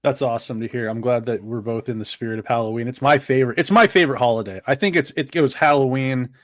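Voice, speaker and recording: A man's voice: mid-range voice, fast talker, fairly bright tone, no echo, studio quality. Chatty man in his thirties. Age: 30s. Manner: rambling, chatty storyteller. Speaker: podcast co-host. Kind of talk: casual sports podcast chat.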